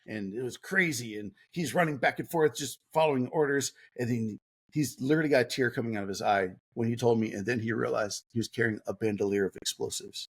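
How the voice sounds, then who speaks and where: A middle-aged man telling an animated story as a podcast guest, laughing often and acting out what others said. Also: mid-range voice, brisk, slightly rough. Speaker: podcast guest, former Navy SEAL. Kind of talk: casual storytelling.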